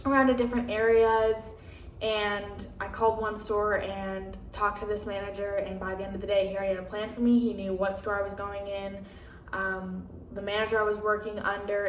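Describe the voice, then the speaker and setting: A woman's voice: medium pitch, slight background noise. A young woman vlogging casually from her apartment, chatty and full of "like" and fillers, acting out conversations as she tells them. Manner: chatty, many fillers and "like", acts out quoted dialogue. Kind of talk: candid casual chat. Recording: roomy echo, slightly distant mic.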